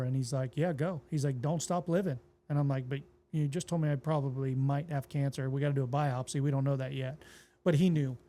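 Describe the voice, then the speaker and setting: Mellow-voiced pastor telling his story. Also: on the high side. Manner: relaxed, plainspoken retelling that acts out quoted dialogue. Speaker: pastor and podcast guest. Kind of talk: casual interview storytelling.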